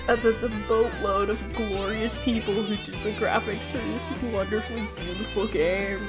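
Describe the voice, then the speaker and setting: A woman's voice: medium pitch, fairly even intonation, normal speed, few pauses. A young adult woman casually commenting on a story game as she streams, reacting dramatically and swearing now and then. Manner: dramatic, swears, loud outbursts and laughs. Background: game music.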